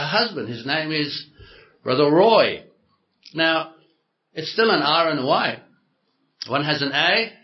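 A man preaching a sermon to a congregation, explaining slowly and deliberately and repeating words as he goes. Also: on the high side. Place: hall with a congregation. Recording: echoey hall, dull lo-fi sound.

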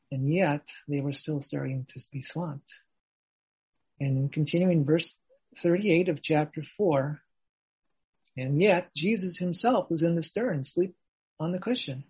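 A man preaching a sermon in a measured, earnest way, posing questions to his listeners. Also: on the high side, darkish tone, husky, poor audio.

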